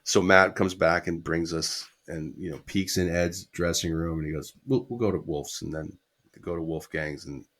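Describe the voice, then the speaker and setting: A man's voice: sits low, normal speed, fairly bright tone. A middle-aged man, a guest musician, telling a casual anecdote with quoted dialogue and the odd swear word.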